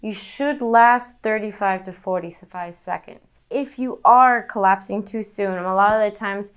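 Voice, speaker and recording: A woman's voice: medium pitch, a little slow, fairly bright tone, clear, resonant tone. A woman teaching singing, demonstrating breathing exercises as she explains them. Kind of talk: vocal lesson demonstration.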